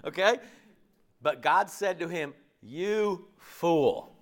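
A man's voice: a little high, expressive, slow pace. A pastor preaching a conversational sermon, acting out quoted voices as he goes.

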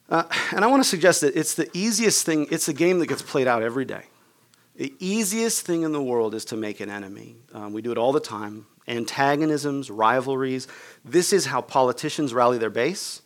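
A man preaching a sermon, telling a personal story in a casual, conversational way and acting out the people in it. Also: mid-range voice. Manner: conversational, many "like" and "right?" asides. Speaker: pastor.

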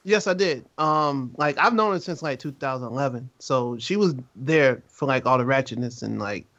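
A man's voice: medium pitch, moderate pace, fairly bright tone, dull audio. A man appearing as a guest on a podcast, self-mocking and playful in casual banter.

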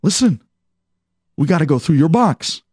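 A man's voice: a little high, animated, moderate pace, darkish tone, husky, no echo, studio quality. A man voicing a blunt armed security guard who orders people around. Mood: brusque. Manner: brusque, ordering.

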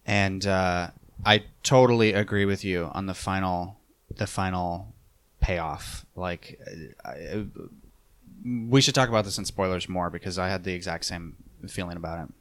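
A man in casual podcast chat, hesitant, often trailing off quietly. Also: low voice, measured pace, no echo.

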